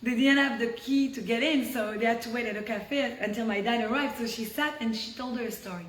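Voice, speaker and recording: A woman from France telling personal stories in a lively way, acting out the people in them and often saying "like". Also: fairly high pitch, a little fast. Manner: lively, acts out quoted voices, frequent "like" fillers. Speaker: storyteller guest. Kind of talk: animated personal storytelling. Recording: echoey room with faint noise.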